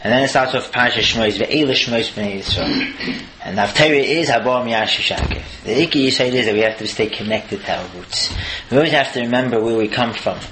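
A man's voice: mid-range voice, brisk, a crowd in the background, poor audio. A man giving a Torah lesson, explaining in an earnest way and asking rhetorical questions. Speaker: Torah teacher.

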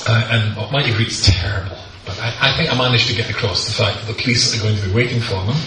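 A middle-aged British rabbi telling a humorous anecdote to an audience, acting out the people in it. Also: male voice, mid-range voice, rapid-fire, few pauses, slight background noise. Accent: British English. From Britain. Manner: animated storyteller, acts out the people in the story. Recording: very roomy echo, speaker far from the mic, faint ambience.

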